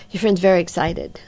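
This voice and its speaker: A woman psychic medium giving a reading in conversation, talking in an animated way and breaking into excited quoted voices, with many fillers and apologies. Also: lowish voice, no room sound. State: says she has a headache.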